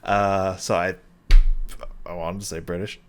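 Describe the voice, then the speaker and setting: A man hosting a casual reaction video, excitable, swearing often and laughing between thoughts. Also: sits low, a little slow, soft background music.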